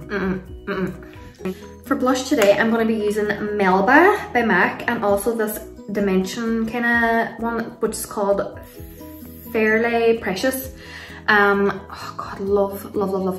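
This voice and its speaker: A young Irish woman chatting through a makeup tutorial at home, rambling and gushing about products with frequent laughs. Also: medium pitch. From Ireland. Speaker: beauty vlogger. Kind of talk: casual makeup tutorial and Q&A chat. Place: home room, kids nearby. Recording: roomy sound from a distance.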